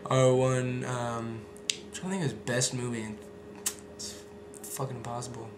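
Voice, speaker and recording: A young video maker chats casually in a vlog, rambling with plenty of fillers and swearing. His voice is medium-pitched, level in tone, and at a normal speed. The recording comes from an echoey room with background noise.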